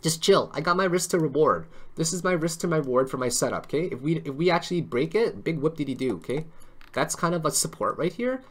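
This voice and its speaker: A man's voice: a little high, expressive, fast. A man hosting a live stream on crypto charts, chatty and joking, always checking in with tag questions.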